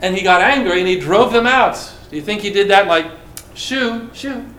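A high, bright male voice preaches a sermon to a gathered audience, asking rhetorical questions as he goes. The sound is roomy and echoes through the hall. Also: fast talker. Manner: animated, asks the listeners rhetorical questions. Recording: roomy echo.

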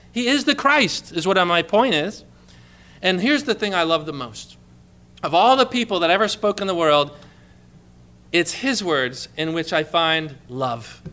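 A man preaching a sermon, emphatic, repeating key phrases and dropping to a hush for quoted lines. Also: high voice.

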